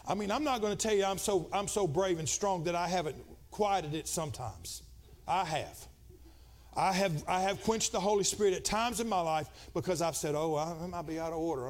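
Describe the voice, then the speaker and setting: A middle-aged man preaches a Pentecostal sermon in a notably high voice. He talks to the congregation in a relaxed, confiding way, then builds into loud, shouted, rhythmic preaching. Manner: swings from quiet and conversational to loud, shouted preaching. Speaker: pastor.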